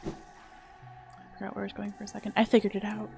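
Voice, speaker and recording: A young woman live-streaming a video game, talking casually and half to herself in a chatty, self-deprecating way. Her voice sits at a middling pitch with a gravelly, fried edge, and faint game music plays underneath. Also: completely flat delivery, a little fast.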